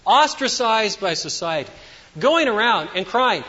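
Pastor, male, higher-pitched voice, dramatic preaching that swings loud to soft, dull lo-fi church recording with long reverb. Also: sing-song, unhurried. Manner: emphatic, swinging between loud declarations and hushed asides. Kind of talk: sermon.

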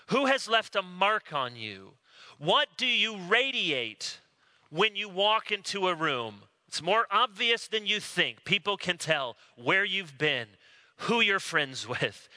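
A man with an American accent preaching a sermon, telling stories in a conversational way with dramatic pauses. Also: on the high side, pushed and bright. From United States. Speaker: pastor.

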